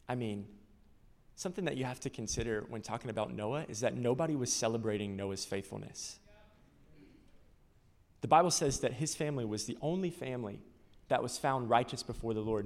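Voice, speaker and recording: A male pastor preaching a sermon, animated, acting out little scenes and quotes. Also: high-pitched. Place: large church auditorium. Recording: long reverb of a large church.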